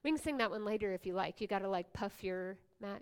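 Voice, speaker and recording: A woman pastor preaching a sermon, swinging from hushed whispers to loud exclamations, with playful asides to the congregation. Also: mid-range voice, fast, clear, resonant tone.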